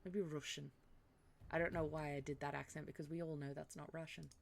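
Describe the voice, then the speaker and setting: Blunt, self-mocking woman with gravelly voice. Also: sits low, little pitch movement, quick pace, a little hiss or hum. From Eastern Europe. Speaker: role-play creator. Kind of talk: casual chat.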